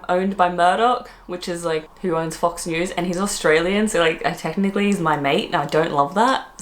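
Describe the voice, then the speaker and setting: A young woman from the UK talks straight to her viewers in a casual vlog. Her voice sits a little low for a woman. She sounds opinionated and blunt, and her talk is loose and full of "like". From United Kingdom. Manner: chatty and outspoken, many "like" fillers. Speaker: vlogger.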